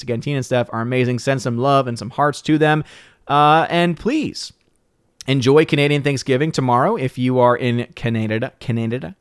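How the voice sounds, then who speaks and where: A man hosting a livestream, signing off casually, thanking viewers and reading supporter names with lively upward lifts. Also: mid-range voice, smooth, dry recording, studio quality. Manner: jokey, playfully mangles words. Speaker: livestream host. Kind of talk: casual stream sign-off and shout-outs.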